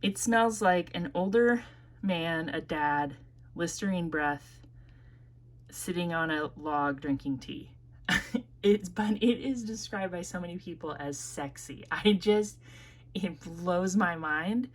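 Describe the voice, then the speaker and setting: A Midwestern woman with a notably deep voice chats through a casual perfume review. She rambles freely and fills pauses with ums and likes. Her mid-sentence restarts keep it unscripted. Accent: American Midwest. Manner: chatty, rambling with frequent fillers and self-corrections. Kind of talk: casual product review vlog.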